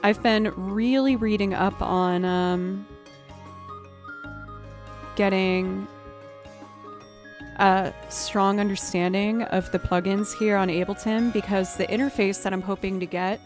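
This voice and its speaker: A woman's voice: fairly even intonation, takes it slowly, pauses often. Chatty, laughing woman live streamer. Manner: chatty, self-deprecating, laughs often; jumps up in pitch when surprised. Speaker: musician streamer. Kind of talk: casual live-stream chat. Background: faint music.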